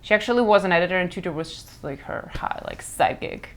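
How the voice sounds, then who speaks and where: A woman's voice: fairly low pitch, expressive, fast. Chatty young woman with a Russian accent. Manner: rambling, self-correcting, frank and chatty. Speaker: comic creator. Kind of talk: casual chat.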